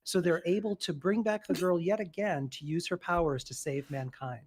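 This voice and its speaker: A man's voice: sits high, normal speed, darkish tone. A man guesting on a podcast, telling an improvised comic movie plot in dry, detailed storytelling.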